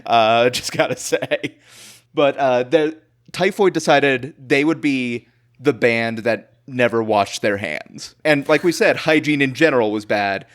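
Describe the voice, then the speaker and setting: A man's voice: medium pitch, measured pace. A man hosting a comedy history podcast, rambling through a made-up story with lots of fillers and chuckles. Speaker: podcast host.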